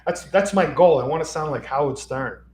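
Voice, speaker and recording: A man's voice: on the high side, fairly quick, darkish tone. Rambling New man livestreaming. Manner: rambling, chuckles often. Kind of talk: casual livestream chat. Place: home room lit by a lamp. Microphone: XLR microphone on a box.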